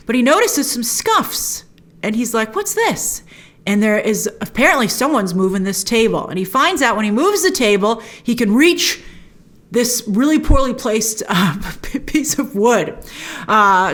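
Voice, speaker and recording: A woman host giving a chatty, animated recap of a TV episode, laughing often and acting out lines. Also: fairly high pitch.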